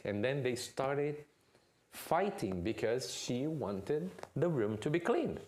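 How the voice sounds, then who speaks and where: A man giving a lecture at a spiritist center, telling a family story with lively delivery and often asking "okay?". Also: medium pitch, unhurried. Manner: animated storyteller, checks in with "okay?".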